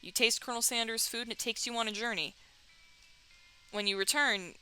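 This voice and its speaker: A woman's voice: on the high side, brisk, sharp tone, smooth, faint music behind, poor audio. A young woman hosting a let's play, chatting casually and reading game text aloud with jokes.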